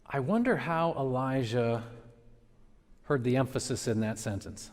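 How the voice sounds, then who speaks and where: Man, pastor, sermon, dramatic loud-and-soft delivery, average pitch, echoing church sanctuary. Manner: dramatic, swings between loud emphasis and quiet, slow phrases. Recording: long reverb of a large church hall.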